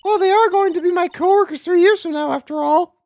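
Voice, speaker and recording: A man voicing a cheerful, eager teenage girl from a video game in a chirpy falsetto. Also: quick pace, darkish tone, dry recording.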